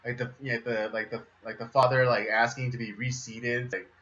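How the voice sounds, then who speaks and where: Man, podcast co-host, bright tone, slightly muffled lo-fi recording. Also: medium pitch, level tone, normal speed. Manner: hesitant, many fillers and "like"s. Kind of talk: casual chat.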